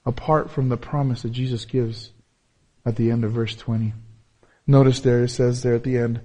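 A man preaching a sermon as pastor, repeating key phrases and swinging between loud, emphatic peaks and low, soft passages. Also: level tone, normal speed.

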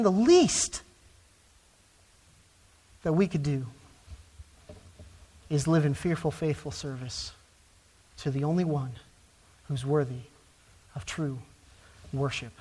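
A man preaching a sermon from the pulpit. His delivery rises to loud, emphatic stresses on key words and then drops back to low, quiet phrases. The pace slows for emphasis and speeds up for asides. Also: steady tone. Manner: emphatic preaching with wide swings from soft to loud. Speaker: pastor.

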